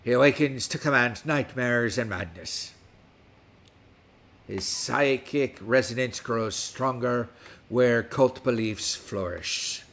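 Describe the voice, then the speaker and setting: Here a middle-aged livestream host talks slowly at a medium pitch, his tone a touch bright. He reads stats out loud in a playful, put-on West Country pirate voice during his casual stream.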